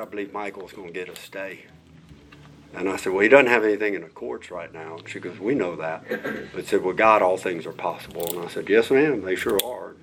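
A man's voice: fairly low pitch, a little hiss or hum. A middle-aged man, a director of prison chaplains, telling a story in a folksy, conversational way and acting out the voices of the people he quotes. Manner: animated, acts out quoted voices. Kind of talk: storytelling testimony.

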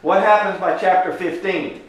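A high-voiced man leads an informal Bible class, chatting through his points and putting questions to his listeners. The sound is very echoey. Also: fairly even intonation, moderate pace, very noisy. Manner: conversational, asks the class questions. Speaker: Bible teacher. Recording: very echoey room from a distance.

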